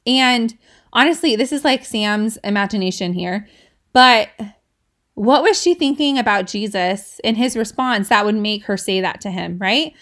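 A woman in her thirties hosts a casual devotional podcast in a medium-pitched, expressive voice that's fairly bright and unhurried. She teaches in a chatty way, laughing between points and often asking her listeners "right?"

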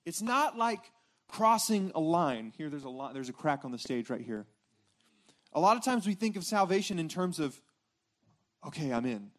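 Pastor, male, high voice, informal conversational sermon delivery, lots of restarts and check-ins with the room. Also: big pitch swings, normal speed, fairly bright tone. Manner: informal, repeats words and restarts, frequent "right?" checks with congregation. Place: church stage before a responding congregation.

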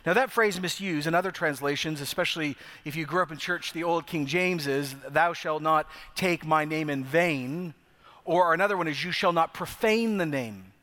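A middle-aged pastor delivers an earnest sermon, his voice a touch higher than most men's. He slows down to hammer home key phrases. The sound trails off in the long reverb of a church hall. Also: sharp tone.

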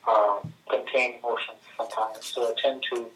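A man in his thirties calling in to chat with friends, halting and full of fillers and restarts. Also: medium pitch, little pitch movement, fairly bright tone. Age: 30s. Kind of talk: casual phone conversation. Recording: tinny speakerphone from a distance.

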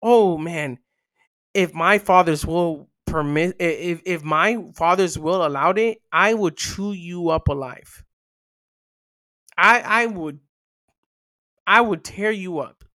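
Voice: mid-range voice, slow pace, long pauses, pushed and bright. A speaker voicing a heated, restrained Jesus. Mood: intense. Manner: heated first-person paraphrase, intense and emphatic. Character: Jesus as an indignant, restrained man, holding back judgment.

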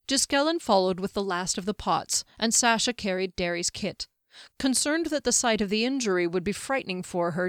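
A woman reading a fantasy novel aloud in a measured, even way. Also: mid-range voice, smooth, dry recording, studio quality. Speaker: narrator. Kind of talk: scripted audiobook narration.

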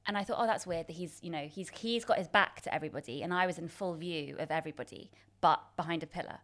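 A woman in her thirties telling a story in casual chat, self-deprecating and quick to laugh, with many restarts. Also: lowish voice, a bit bright. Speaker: guest.

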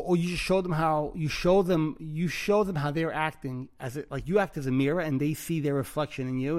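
A man hosting a podcast and talking about his own book in casual chat, earnest and reflective, often restarting his phrases. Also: a little high. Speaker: podcast host and author.

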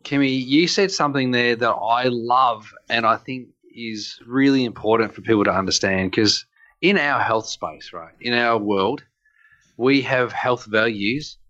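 A man's voice: medium pitch, fairly bright tone, muffled recording. A man hosting a conversation, speaking earnestly and affirming his guest's point. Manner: earnest, affirming, with restarts and fillers. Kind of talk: conversational commentary.

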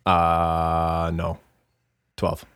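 A man's voice: low voice, completely flat delivery, very slow, fairly bright tone, clean tone, no echo, studio quality. A young man co-hosting a podcast in casual chat, rambling and hesitant with many ums. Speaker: podcast co-host.

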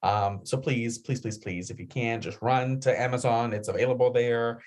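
A man co-hosting a podcast from the United States, chatting casually in a rambling, animated way. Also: mid-range voice, normal speed. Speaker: podcast co-host. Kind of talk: casual chat.

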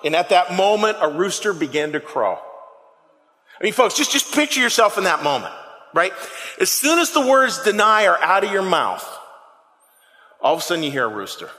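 A man preaching a lively, conversational sermon into a handheld mic, often questioning the congregation. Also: sits high, normal speed, long pauses. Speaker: pastor. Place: church sanctuary. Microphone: handheld microphone. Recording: long hall reverb.

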